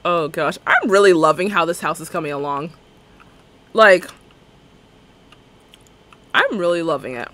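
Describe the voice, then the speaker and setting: Laughing frequently, a woman rambles in casual chat as she plays a game on a live stream. Her lowish voice is a little slow and fairly bright, with long pauses.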